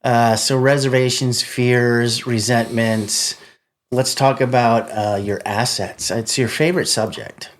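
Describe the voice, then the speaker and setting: A man co-hosting a podcast in casual, heartfelt conversation, supportive and asking gentle probing questions. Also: medium pitch, fairly even intonation, measured pace. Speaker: podcast co-host.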